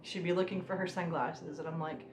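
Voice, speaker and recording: Woman vlogger, lowish voice, roomy echo, chatty rambling storyteller. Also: steady tone, brisk. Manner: rambling, lots of "um" and "you know". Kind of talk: casual storytime chat. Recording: roomy room with faint music.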